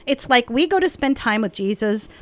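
A woman's voice: fairly high pitch, expressive, normal speed, dry recording. A woman co-hosting a faith podcast, talking in an effusive, emotional way with frequent laughter.

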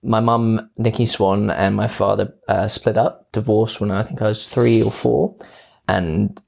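A man in his twenties, from England, answering interview questions casually and telling stories with lively quoted voices. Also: on the low side, a little slow, creaky, slight background noise. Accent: English with Australian touches. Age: 20s. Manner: animated storytelling with playful quoted voices. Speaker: guest.

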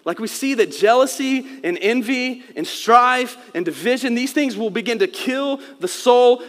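High-voiced man preaching in a hall. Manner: conversational preaching, acts out quotes. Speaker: pastor. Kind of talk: sermon.

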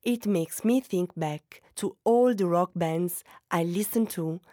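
Native Italian woman in her forties for reflective spoken-word narration, low and warm. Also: no echo, studio quality. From Italy. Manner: slow, poetic, partly whispered.

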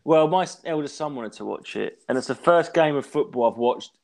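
A man's voice: on the high side, expressive, fairly quick, creaky. A man in casual chat, a crude, ranting storyteller who swears freely.

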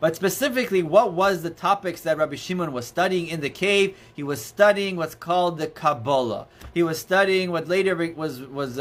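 A man leads an informal Torah class in a slightly high voice. He tells the story conversationally, circling back with restarts and filler words. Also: a bit bright. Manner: conversational, many restarts and "you know"s, storytelling. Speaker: rabbi teaching a class. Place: indoors near books.

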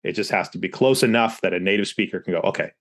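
An American man with a very deep voice hosts a podcast conversation. He talks in a thoughtful, curious way, building on what his guest says. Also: fast, vocal fry, a bit bright. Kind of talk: podcast interview.

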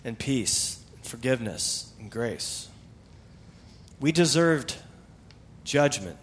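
A middle-aged male pastor preaching a sermon in a conversational, animated way, with emphatic repetition. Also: mid-range voice, a little hiss or hum.

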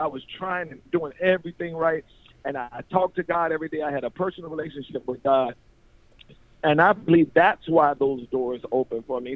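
A man from North Carolina tells his life story in animated, casual conversation, acting out voices, repeating words and laughing a lot. His voice is on the high side, and the dry recording has a tinny, phone-like radio sound.

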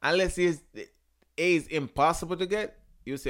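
A man's voice: a little high, moderate pace. Emphatic man ranting casually. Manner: animated, emphatic, swears and repeats himself; searches for words, frequent restarts. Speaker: podcast host. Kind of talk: casual relationship talk.

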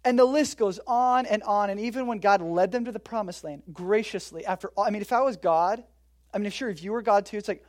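Casting: relaxed preacher, mid-range voice, jokey storytelling sermon with big loud-to-soft swings. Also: medium pitch, fairly quick. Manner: casual, joking storytelling with sudden swings between loud and quiet. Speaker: pastor. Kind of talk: conversational sermon.

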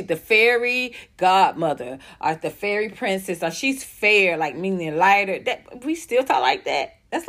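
A young woman ranting profanely as a commentary host, blunt and heated, jumping between fast outbursts and slow stressed words. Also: mid-range voice, fairly bright tone, husky.

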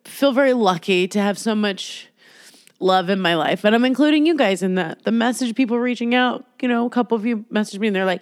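A young woman talks straight into the mic in a confessional podcast monologue. She rambles candidly, swears freely and lets her feelings show. Her voice sits at an ordinary pitch and sounds dry and close. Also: a little fast, dry recording. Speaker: podcast host.

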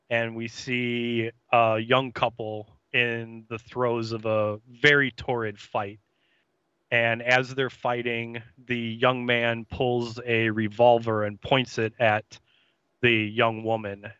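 Podcast guy talking through an episode, bright tense voice, lots of ums, dry dull lo-fi mic. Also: mid-range voice, clear, resonant tone, dry recording. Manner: chatty, hesitant, many fillers and voiced quotes. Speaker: podcast co-host. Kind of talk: casual recap chat.

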